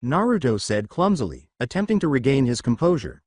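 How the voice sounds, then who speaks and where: A man's voice: mid-range voice, big pitch swings, fairly quick, hardly any pauses, darkish tone, breathy edge, dry recording, studio quality. A man reading fan fiction aloud as narrator.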